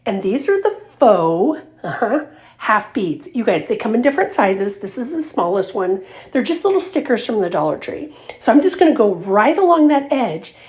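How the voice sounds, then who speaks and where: Cheerful woman talking thru a diy craft, kinda high voice, lots of ums. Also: big pitch swings, moderate pace, a little mellow. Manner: chatty, upbeat, fillers and little laughs. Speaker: craft video host. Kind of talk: casual craft tutorial narration.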